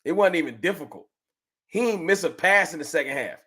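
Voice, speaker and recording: A man hosting a fan livestream, chatting with viewers and ranting with slangy, animated trash talk. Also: a little high, a little fast. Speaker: sports fan livestream host. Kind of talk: casual livestream chat reading super chats.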